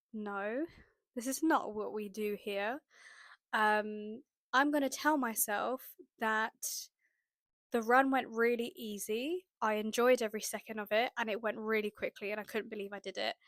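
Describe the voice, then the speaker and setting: A young woman from the UK tells a personal story to camera in a chatty, animated way, and she acts out her inner thoughts as she talks. Her voice sits a little high. The sound is dry and close. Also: normal speed, no echo. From United Kingdom. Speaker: manifestation vlogger.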